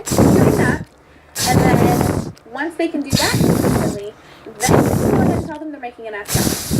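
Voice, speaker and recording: Woman, high-pitched, upbeat speech therapist explaining technique to camera. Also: very noisy. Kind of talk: instructional video lesson.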